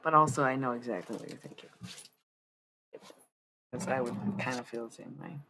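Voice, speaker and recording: A woman streamer chatting casually, rambling and swearing, swinging between loud and hushed. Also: rumbling low, moderate pace, very noisy. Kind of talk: casual live-stream chat.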